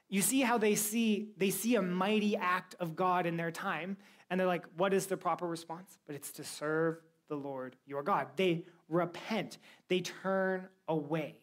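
Woman teaching a lively Bible lesson. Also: lowish voice. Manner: lively storytelling, quizzing the listeners. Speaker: church youth teacher. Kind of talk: Bible lesson for a young group.

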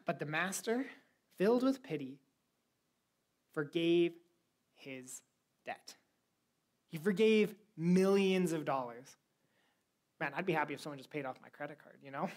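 Woman preacher with a lowish voice, chatty and animated sermon delivery. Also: unhurried, long pauses. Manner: animated, conversational, slangy storytelling.

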